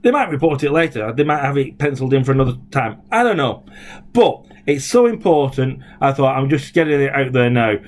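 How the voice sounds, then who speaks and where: A man's voice: mid-range voice, sing-song, fairly quick. Indignant man ranting. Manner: indignant, rambling with many "uh"s and restarts. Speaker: former local councillor vlogging. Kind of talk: casual video blog rant.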